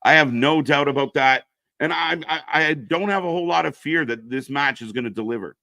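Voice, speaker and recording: Bright-voiced man commentating wrestling live. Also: a little high, a little fast, no echo, clean studio sound. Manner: chatty, reads chat names aloud, reacts to the match. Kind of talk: casual live alternative commentary.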